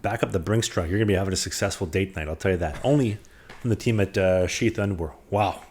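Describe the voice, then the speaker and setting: A man co-hosting a podcast, talking sports fast and cracking jokes through an ad read. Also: low voice, a little mellow. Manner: fast, joking sports talk. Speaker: podcast co-host. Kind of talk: casual chat and sponsor read.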